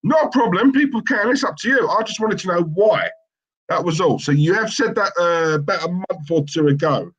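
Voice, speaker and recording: A man's voice: sits high, animated, fairly quick, fairly bright tone, breathy edge, dull audio. A man co-hosting a live football stream, chatting casually and joking with viewers, laughing often. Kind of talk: casual banter and viewer chat.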